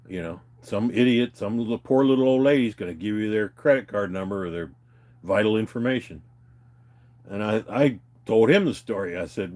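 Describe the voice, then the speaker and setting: A man's voice: fairly low pitch, darkish tone. A man venting in a heated, profane rant to his viewers, retelling a phone call. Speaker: vlogger.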